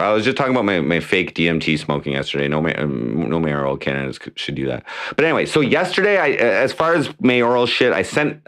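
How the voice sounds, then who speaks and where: A man's voice: lowish voice, fairly bright tone. A man hosting a casual livestream from home, rambling and profane, with many restarts. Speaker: livestream host; mayoral candidate.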